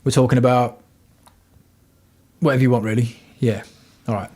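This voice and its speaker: A man's voice: medium pitch, steady tone, normal speed, dark tone, husky. A man hosting a casual livestream from home, talking bluntly and rambling with plenty of swearing. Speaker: livestream host.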